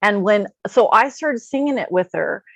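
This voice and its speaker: A woman's voice: mid-range voice, lively intonation, normal speed, vocal fry, a bit bright, no room sound. A woman telling a personal story in a casual chat, emotional and laughing often as she talks. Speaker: guest.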